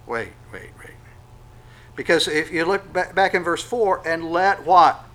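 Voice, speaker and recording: Bright-voiced man preaching a sermon. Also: a little high, lively intonation, slow, poor audio. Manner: conversational preaching with sudden loud acted-out quotes. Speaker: pastor.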